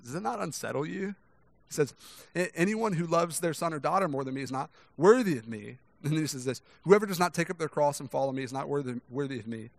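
A young pastor preaches a sermon conversationally, often restarting sentences and tagging on "right?", and acts out quoted voices with sharp jumps in pitch and volume. He's expressive and talks fast with vocal fry, in a dry recording.

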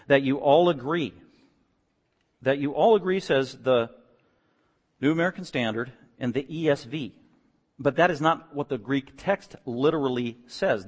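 A man preaching a sermon, moving from calm explanation to emphatic, rising outbursts on key words. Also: mid-range voice. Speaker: pastor. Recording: long reverb from a large hall.

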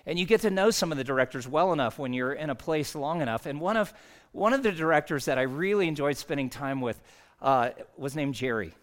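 Higher-voiced man preaching a sermon. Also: lively intonation, fairly quick. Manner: conversational storytelling, earnest. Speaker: pastor.

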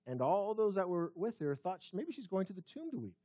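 A man preaching a sermon in a church, swinging from loud emphasis to hushed tones and slowing down to read scripture aloud. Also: high-pitched, very animated, dry recording, clean studio sound. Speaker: pastor.

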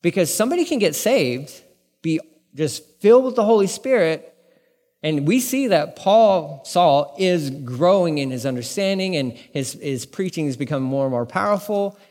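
A male pastor delivers a loose, conversational sermon with a slightly raised pitch, slipping into quick acted-out voices as he goes. His voice rings out with a long reverb, as if recorded in a large hall. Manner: casual, animated preaching with acted-out dialogue.

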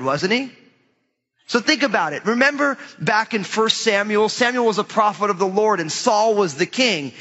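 A middle-aged man preaching a sermon, telling a story in an animated way and acting out the voices of its characters. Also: sits high, big-room sound, lo-fi sound. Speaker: pastor.

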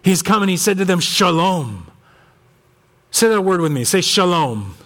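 A male pastor preaching a sermon with impassioned emphasis, swinging from ringing highs to low, grave lines. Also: rapid-fire, fairly bright tone. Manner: impassioned, big swings between high emphasis and low gravity.

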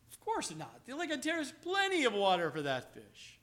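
A man preaching a sermon as pastor, swinging from loud, emphatic lines to hushed, low passages and slowing to stress key words. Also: huge pitch swings. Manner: acts out quoted voices, slows on key words.

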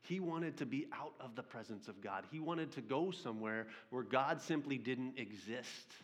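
A male pastor preaching a sermon, reading scripture aloud and retelling it as lively storytelling with questions to his listeners. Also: mid-range voice, moderate pace.

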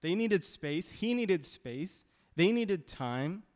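A man's voice: sits high, lively intonation, slow pace, darkish tone. Conversational male preacher in a reverberant hall. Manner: conversational, emphatic, with restarts. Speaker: pastor. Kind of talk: sermon.

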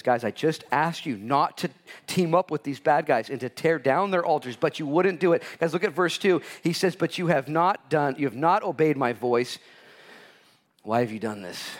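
A male pastor preaching a sermon, swinging from loud, high exclamations to quiet, near-whispered lines and acting out quoted dialogue with God.

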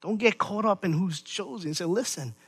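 A middle-aged man preaching a sermon as pastor, swinging from loud emphatic lines to quiet, hushed asides. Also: high-pitched, normal speed, breathy edge, no room sound.

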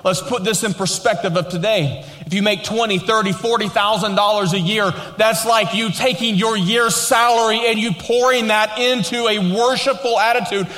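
A man preaching a sermon, emphatic, slowing down and rising to stress his points, and dropping lower and quieter to read scripture aloud. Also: fairly even intonation, big-room sound. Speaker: pastor.

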